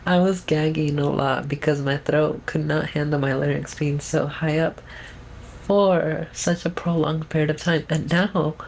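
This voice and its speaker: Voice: medium pitch, steady tone, measured pace, gravelly, a little hiss or hum, low-quality recording. A young adult vlogger speaking in a trained feminine voice, giving a casual, rambling update at home with lots of fillers and restarts. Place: at home, alone with camera.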